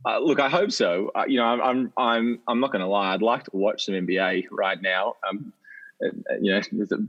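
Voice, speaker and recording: An Australian man with a fairly low voice talks in a measured, halting way, restarting his sentences as he picks his words. The sound is dull and lo-fi, as if he is on a phone line. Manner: measured, hesitant with many restarts. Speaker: politician guest. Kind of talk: casual podcast chat.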